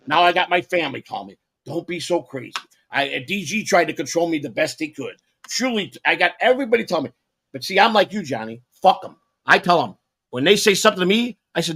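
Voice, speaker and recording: A man in casual podcast chat, loud, profane and quick to blow up in anger. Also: on the high side, big pitch swings, husky. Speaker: podcast guest.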